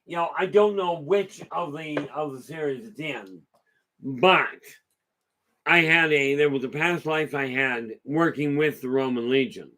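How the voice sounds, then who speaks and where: A man hosting a casual live talk tells a long story in a rambling, chatty way. His voice is bright and pitched a little high. He keeps restarting sentences and turning aside to answer viewer comments. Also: unhurried. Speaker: host.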